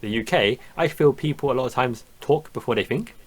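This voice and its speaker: A man's voice: mid-range voice, brisk. A man from the UK, hosting a podcast in casual chat, talking at length and laughing often. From United Kingdom. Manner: chatty, laughs often, rambling explanations. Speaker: podcast host.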